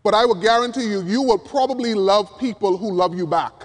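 A male preacher delivering an emphatic sermon from the pulpit, swinging from loud appeals down to hushed words. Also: high-pitched, fairly quick. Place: church pulpit. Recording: long reverb of a large hall.

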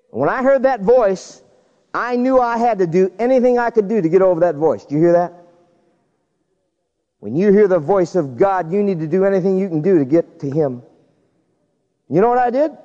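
A man preaching a storytelling sermon, acting out the people in his tale. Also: high-pitched. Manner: animated, acts out the people in his stories. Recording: dull recording with long hall reverb.

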